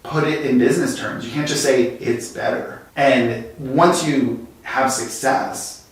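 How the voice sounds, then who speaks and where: Man telling stories in an echoey room. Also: mid-range voice. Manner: lively anecdotes with quick bursts. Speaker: guest, design executive. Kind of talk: conversational storytelling. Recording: very echoey room, distant mic.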